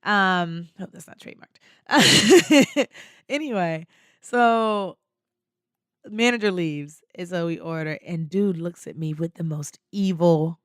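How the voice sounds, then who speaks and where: A woman hosting a podcast, telling a personal story in an animated, slangy way and laughing often. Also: on the low side, takes it slowly, no room sound, studio quality. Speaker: podcast host. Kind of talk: casual storytelling.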